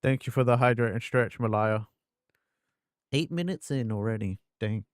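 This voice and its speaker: A man's voice: medium pitch, normal speed, smooth, dry recording, studio quality. A man streaming a game, chatting casually, thanking viewers and answering chat.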